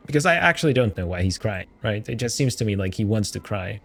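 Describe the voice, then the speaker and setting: A man hosting a let's play of a role-playing game, reading the game's text and thinking out loud in a casual, jokey way, often stopping to correct himself. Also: on the low side, quick pace, hardly any pauses. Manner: musing aloud, jokey and self-correcting. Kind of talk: casual gameplay commentary.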